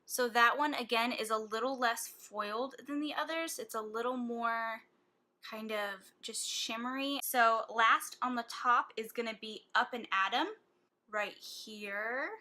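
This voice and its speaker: A woman beauty vlogger swatching eyeshadows in a casual vlog, gushing and excitable, with gasps of delight. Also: on the high side, a little slow.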